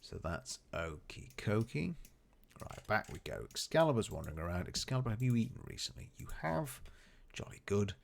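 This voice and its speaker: A man's voice: fairly low pitch, very animated, normal speed, vocal fry, slight background noise. A man streaming a colony game, rambling casually and chatting to his characters and viewers. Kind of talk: casual live gameplay commentary.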